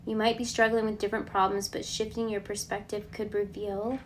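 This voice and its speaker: A woman giving a casual collective tarot reading, relaxed and reassuring. She thinks aloud and often checks in with a questioning "okay?". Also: mid-range voice, a little fast, a little hiss or hum. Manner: chatty, ends points with a questioning "okay?". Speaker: tarot card reader.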